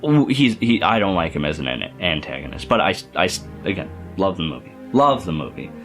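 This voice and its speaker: A man's voice: deep voice, very animated, brisk, a bit bright, soft background music. A young man casually reviewing a favorite film in a rambling, enthusiastic vlog, full of fillers and restarts. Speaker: youtuber.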